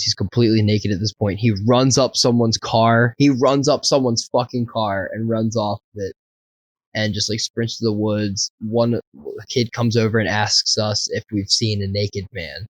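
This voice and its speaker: A man in the middle of a casual story, peppering it with curses and chuckles. His voice sits at an ordinary middle pitch. The sound is dry and close, with no room around it. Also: dry recording, low-quality recording. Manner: profane, laughing, animated anecdote. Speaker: podcast co-host.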